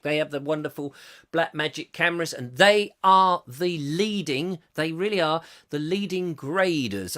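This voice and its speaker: Bright, lively man hosting. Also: on the high side. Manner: playful, rambling, bursts into silly voices. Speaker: host. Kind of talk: live-stream chat reading viewer comments.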